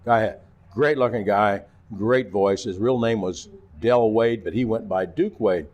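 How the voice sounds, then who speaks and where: An older man with a Midwestern American accent, a former TV weatherman, telling animated anecdotes as an interview guest. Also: on the low side, measured pace. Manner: animated anecdotes, acting out quotes. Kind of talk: casual storytelling.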